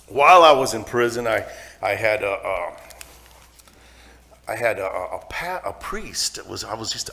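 A middle-aged man giving his testimony to a church congregation, speaking frankly and haltingly, often repeating words before he finds the thread. His voice sits fairly low with a gravelly rasp and a bright, forward edge.

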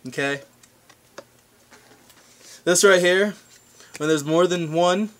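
A young man vlogging a comedic rant to camera, rambling and goofy, with random outbursts. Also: a little high.

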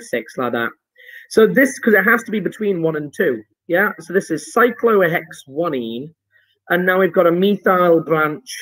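Brief: male chemistry teacher, fairly high voice, jokey and upbeat while explaining homework. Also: poor audio. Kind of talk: online homework review lesson.

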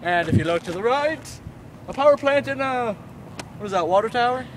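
A young man from Canada chatting outdoors in a crude, goofy, swearing way. His voice sits high and swings widely up and down. Cars and street noise run steadily behind him. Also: animated, brisk. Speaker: vlogger. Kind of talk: casual joking chat. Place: outdoors by a road. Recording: outdoor noise, traffic passing.

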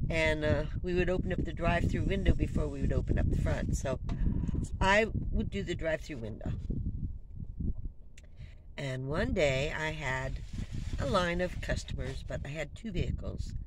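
A woman vlogger telling a personal story in a casual, conversational way, trailing off and restarting and dropping to a hush in the sad parts. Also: on the low side. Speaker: van-life vlogger. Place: inside her van. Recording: clear ambient background noise.

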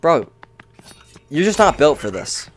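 A man's voice: fairly high pitch, very animated, measured pace, faint music behind. A young man co-hosting a casual book review while gaming, rambling and slangy, often swearing and getting sidetracked. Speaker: co-host.

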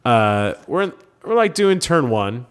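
A man's voice: medium pitch, a little slow, clean tone. A man from Minnesota co-hosting a podcast, telling stories in casual chat and acting out the dialogue. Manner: animated storyteller, acts out quoted dialogue. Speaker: podcast co-host.

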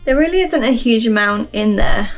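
A woman's voice: on the high side, expressive, normal speed, poor audio. A woman vlogging in a casual, chatty way, laughing often while making coffee at home. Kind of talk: casual chat. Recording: music playing clearly behind.

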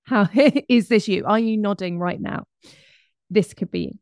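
Brief: woman presenter, chatty and animated, mid-range voice, close dry recording. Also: mid-range voice, measured pace, no room sound. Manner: lively, conversational, with laughs and asides. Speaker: speaker on behaviour. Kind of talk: presentation to an audience.

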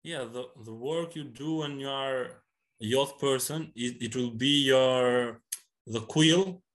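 A man from northeastern Albania guessing and explaining a proverb in a casual group discussion, halting and tentative. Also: mid-range voice, a bit bright. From Dibra, Albania. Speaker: panelist.

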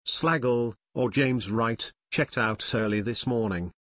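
A man's voice: medium pitch, slow pace, fairly bright tone, no room sound, clean studio sound. A man reading the part of an eager teenage boy detective in an audiobook.

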